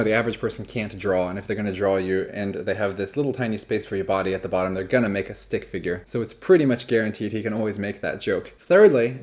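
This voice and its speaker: A man's voice: fairly low pitch, darkish tone. A man hosting a casual reaction video, chatty and upbeat, talking through his thoughts on a magic act. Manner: upbeat, chatty, laughs easily. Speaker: YouTube reaction host.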